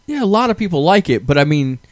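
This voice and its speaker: A man's voice: on the high side, big pitch swings, quick pace, no echo, studio quality. A man hosting a casual podcast chat, opinionated and ranting, laughing often. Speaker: podcast host.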